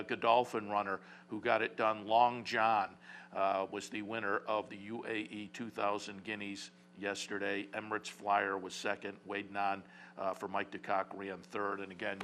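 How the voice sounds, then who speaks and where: Bright-voiced man hosting a racing show. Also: medium pitch, slight background noise. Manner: rambling, many fillers and restarts. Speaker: horse racing show host. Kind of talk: casual radio talk.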